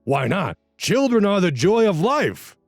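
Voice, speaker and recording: A man doing a pushy, drawn-out uncle. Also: high-pitched, very animated, dry recording, studio quality, faint music behind, pitched above the performer's own voice, exaggerated voice. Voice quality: slow, drawn-out put-on accent. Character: pushy middle-aged male uncle, accented.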